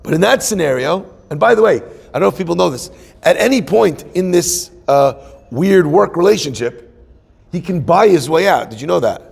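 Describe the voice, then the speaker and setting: A man's voice: a little high, expressive, moderate pace, gravelly, a little mellow, slightly rough. A man in his forties, a rabbi, giving a joking, conversational sermon and asking the audience questions. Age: 40s. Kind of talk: humorous sermon. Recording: long hall reverb.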